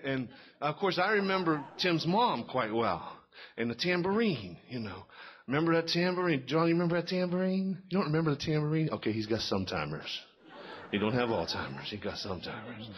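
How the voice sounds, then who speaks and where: A man's voice: on the high side, very animated, fairly quick, muffled recording. A middle-aged man telling folksy stand-up stories and quizzing a live audience in a small cafe. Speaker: comedian.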